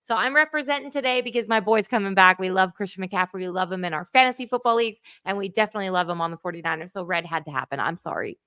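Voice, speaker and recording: A woman who talks on and on with real enthusiasm, laughing often as she goes. Her voice sits at an everyday pitch and comes across close and dry. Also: quick pace, few pauses, bright, forceful tone, clear, resonant tone, no room sound. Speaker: guest co-host. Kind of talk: livestream chat.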